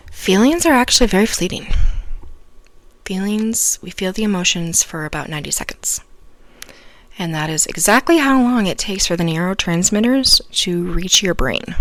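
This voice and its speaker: A woman hosting a solo advice podcast, telling a story earnestly with sudden loud emphatic bursts. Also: on the low side, lively intonation, normal speed, no echo. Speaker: podcast host.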